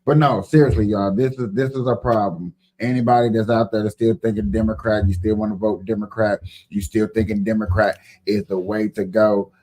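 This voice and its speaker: A man's voice: lowish voice, steady tone. A man hosting a casual reaction show, joking and drawing out his words for emphasis. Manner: loud, joking, drawn-out emphasis. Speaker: commentary show host.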